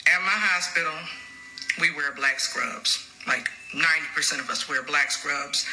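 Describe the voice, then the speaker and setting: A woman who works as a nurse tells a story casually and acts out the people in it with lively voices. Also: low-pitched, low-quality recording.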